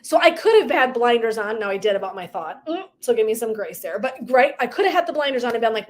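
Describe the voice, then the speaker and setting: A woman's voice: on the high side, expressive, fast, few pauses, a little hiss or hum. A middle-aged woman coach talking casually and emphatically to her viewers, with asides and tangents. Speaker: purpose and legacy coach. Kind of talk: casual motivational talk to viewers.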